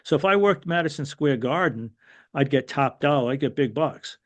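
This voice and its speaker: A man's voice: fairly high pitch, moderate pace. An older man from New York telling stories casually as a podcast guest, with lots of fillers and restarts. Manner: rambling, many fillers and restarts, animated quotes. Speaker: guest, former wrestling referee. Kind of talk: casual storytelling.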